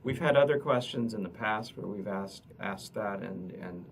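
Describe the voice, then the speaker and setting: A man, an economist, explaining survey results at a press conference in a halting way, often repeating words. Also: lowish voice. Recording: distant mic with noticeable noise.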